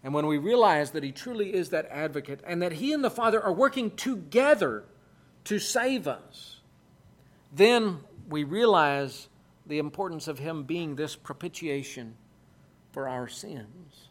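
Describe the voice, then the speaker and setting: Male preacher, high voice, earnest and emphatic, hammers his points home by repeating them. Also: lively intonation, unhurried. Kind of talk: sermon.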